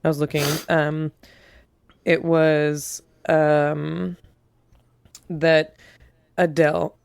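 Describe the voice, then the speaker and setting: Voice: medium pitch, flat delivery, extremely slow, gravelly, smooth, no echo. A podcast co-host in casual chat, telling wandering stories with frequent giggles and dry humor.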